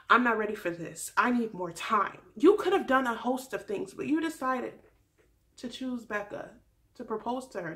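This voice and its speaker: Exasperated young woman vlogger. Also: a little high. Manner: animated, exasperated, acts out quoted dialogue. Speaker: vlogger recapping a reality show. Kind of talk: casual recap monologue.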